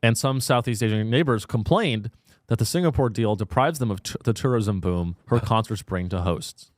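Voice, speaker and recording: A man's voice: on the low side, normal speed, no echo, studio quality. A man hosting a comedy podcast, talking in casual, irreverent banter with a sarcastic, crude edge. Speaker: podcast host.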